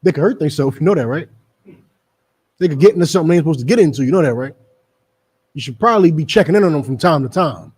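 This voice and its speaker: A middle-aged man preaches a street sermon with a New Jersey accent. His voice sits high for a man, and he drives every point home by repeating it. He slips into mocking asides along the way. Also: lively intonation, quick pace, long pauses, darkish tone, husky. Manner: emphatic, repetitive, mocking asides in character.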